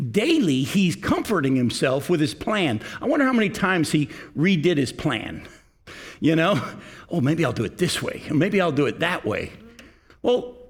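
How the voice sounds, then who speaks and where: A man's voice: a little high, slightly rough. A middle-aged man preaching in a slightly raised voice. He speaks earnestly and directly, often turning to ask his listeners questions as a pastor delivering a sermon.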